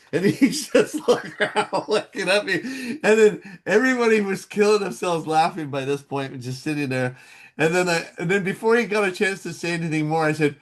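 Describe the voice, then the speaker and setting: A man who works as a voice actor, a guest in a casual interview, telling animated stories and laughing often. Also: high-pitched, normal speed.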